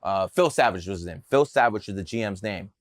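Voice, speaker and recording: A man's voice: lowish voice, lively intonation, brisk, dry recording, studio quality. A man telling stories in a casual interview, brash, boastful and profane. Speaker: podcast guest telling his story.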